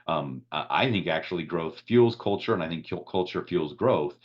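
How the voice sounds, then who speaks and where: Deep-voiced host, slightly dull recording. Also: male voice, animated, normal speed. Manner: reflective, conversational, many fillers. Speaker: podcast host. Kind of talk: podcast interview.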